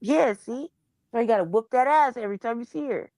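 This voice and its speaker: Profane, animated woman chatting casually. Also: fairly high pitch, a little fast, dry recording. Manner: animated, swearing freely, cooing baby talk at her cat.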